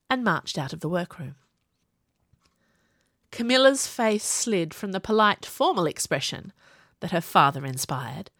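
A woman reads a fantasy audiobook with expressive storytelling. Her voice moves freely up and down through each sentence. The recording is dry and close-miked. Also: on the low side, no room sound. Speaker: narrator. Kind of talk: audiobook narration.

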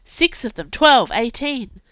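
A woman, an author and podcast host, narrating a story aloud in a lively, expressive way, on a dull lo-fi recording. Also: sits high, takes it slowly, clean tone, dry recording. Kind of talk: scripted audiobook narration. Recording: dull lo-fi sound.

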